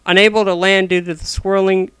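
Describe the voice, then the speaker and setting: A man narrates a story aloud, stumbling now and then and correcting himself. His voice is bright, smooth and a touch high, recorded close and dry. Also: little pitch movement, brisk, no room sound. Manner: frequent small restarts.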